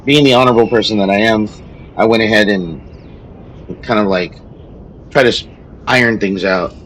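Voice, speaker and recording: A man's voice: on the low side, normal speed, fairly bright tone, a little hiss or hum, low-quality recording. A man, a streamer who also teaches, chatting casually while he plays a strategy game, telling a story in a rambling way with many restarts.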